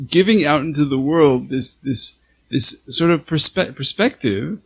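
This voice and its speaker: A man hosting a podcast interview over a video call, talking in halting, restarting phrases that turn animated when he gets excited. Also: a little high, vocal fry, husky, poor audio. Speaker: podcast host. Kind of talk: casual interview conversation.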